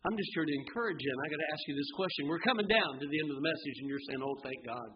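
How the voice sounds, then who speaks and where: A man preaching to his congregation with a high voice and fervent delivery, dropping to near hushes and then rising to excited shouts. He keeps asking the room rhetorical questions. The church recording sounds dull and lo-fi, with a faint hiss underneath. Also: racing. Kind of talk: sermon. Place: church sanctuary.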